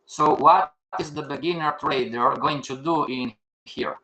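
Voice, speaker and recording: Older male instructor, slightly high voice, live class, quizzes his students then answers them himself. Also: unhurried, bright, forceful tone, lo-fi sound, slight background noise. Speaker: trading instructor. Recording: echoey room.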